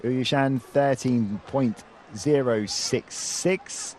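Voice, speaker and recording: A man's voice: mid-range voice, takes it slowly, a little mellow, a faint crowd, slight background noise. A man doing sports commentary, calling out the scores and the gymnasts' names with a lift in his voice. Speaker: play-by-play commentator.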